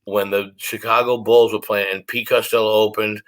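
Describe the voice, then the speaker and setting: A man who is a comedian guest on a podcast, jumping in excitably with questions and stories. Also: on the low side, moderate pace. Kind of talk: casual chat.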